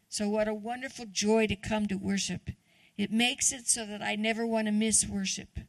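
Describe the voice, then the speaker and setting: A woman's voice: mid-range voice, vocal fry, no room sound. A woman guest preacher giving a chatty, conversational sermon, often asking the congregation questions.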